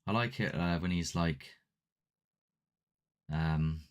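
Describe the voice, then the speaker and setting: On a paranormal channel's live stream, a man with a deep voice speaks slowly in a clean tone. His chat with viewers is casual, rambling, and self-deprecating, recorded on a desk mic with a ring light.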